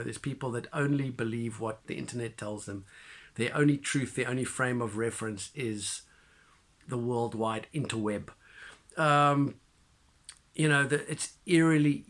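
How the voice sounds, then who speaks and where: A man giving a casual spoken film review, retelling the plot in an animated way with many fillers and restarts. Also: mid-range voice, gravelly.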